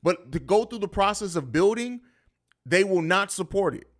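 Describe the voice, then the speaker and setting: Guy with a high voice hosting a live sports stream, blunt and swears a lot. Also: expressive, moderate pace. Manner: blunt, profane, riffing. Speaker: podcast host.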